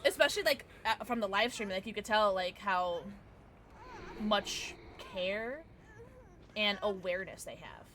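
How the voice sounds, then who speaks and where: A woman streaming a game and chatting casually with her viewers, excitable and quick to thank them. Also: mid-range voice, a little hiss or hum. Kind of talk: casual livestream chat while gaming.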